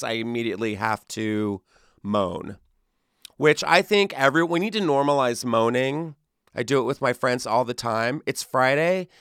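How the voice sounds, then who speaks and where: A young man co-hosting a comedic podcast in a playful, joking way, now and then jumping into squeaky high voices for a gag. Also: a bit bright, smooth, no room sound, studio quality. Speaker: podcast co-host.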